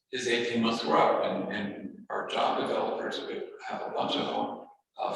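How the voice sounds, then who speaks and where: A man's voice: medium pitch, fairly bright tone, slight background noise. A man, a priest giving a talk as guest speaker, telling an earnest story with wry asides and Spanish words. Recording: echoey hall from far off.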